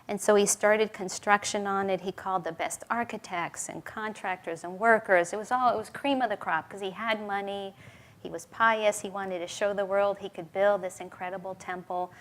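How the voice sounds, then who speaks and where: Woman telling a gentle devotional story. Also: mid-range voice. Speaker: spiritual teacher.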